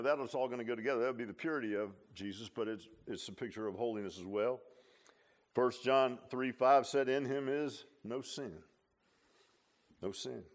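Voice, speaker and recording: A man delivers a sermon, swinging between loud, emphatic lines and low, quiet asides while frequently repeating and restarting phrases.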